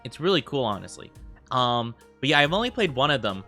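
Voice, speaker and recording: A man's voice: mid-range voice, very animated, fairly quick, pushed and bright, soft background music. An American man streaming a game, chatting casually and rambling with lots of filler words. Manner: rambling, heavy use of fillers like "like". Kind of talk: casual livestream chat.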